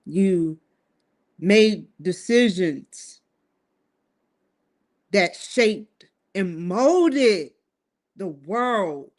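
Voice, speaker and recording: Slow, musing woman vlogger. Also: mid-range voice, lively intonation, darkish tone. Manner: musing, addresses viewers directly with rhetorical questions. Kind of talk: casual talking-to-camera monologue.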